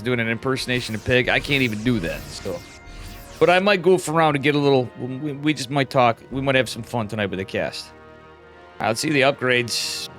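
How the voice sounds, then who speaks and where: Tired male solo caster, loose and chatty, gets loud when fights start; music running underneath. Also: mid-range voice. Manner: casual and chatty, rising sharply when a fight breaks out. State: tired, yawning. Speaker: esports commentator. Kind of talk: solo live game commentary.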